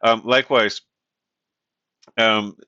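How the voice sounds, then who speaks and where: A man teaching a university Spanish class in a relaxed, conversational way, often checking in with "right?". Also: on the low side, takes it slowly, smooth, dry recording. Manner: relaxed and conversational, many fillers and "right?" tag questions. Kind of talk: recorded lecture. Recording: dull, dry lo-fi audio.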